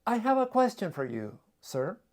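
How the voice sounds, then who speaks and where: An earnest, pious young woman, as a preacher puts her on in a sermon anecdote, her voice lifted higher than his own. She speaks politely and animatedly, with wide swings in pitch. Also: very animated, moderate pace, darkish tone.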